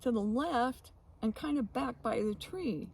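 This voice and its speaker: Woman, co-host, casual chat, gravelly, highish voice, laughs a lot, faint hiss behind. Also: animated, a little mellow, low-quality recording. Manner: laughs often, halting restarts.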